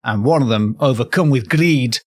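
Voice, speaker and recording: A man's voice: medium pitch, normal speed, darkish tone, no echo, clean studio sound. A man hosting a comedy podcast, telling folklore stories in a rambling, playful way and correcting himself as he goes. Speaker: podcast host, storyteller.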